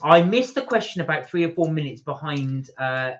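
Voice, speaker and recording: A man hosts a casual live stream, reading viewer comments aloud in a chatty way. His pitch swings widely, rising and falling as he talks. The audio is dull and lo-fi. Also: animated, moderate pace. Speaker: co-host reading the live chat.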